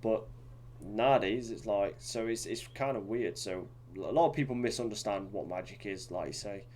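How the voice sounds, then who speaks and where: Low-voiced man, rambling chat. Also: normal speed, a little mellow. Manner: rambling, many fillers and restarts. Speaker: podcast co-host. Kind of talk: casual chat.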